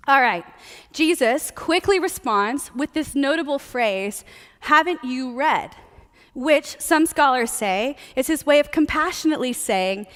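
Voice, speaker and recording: A woman's voice: high voice, lively intonation, unhurried. A woman preaching a sermon in a casual, playful, conversational teaching manner. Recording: long hall reverb.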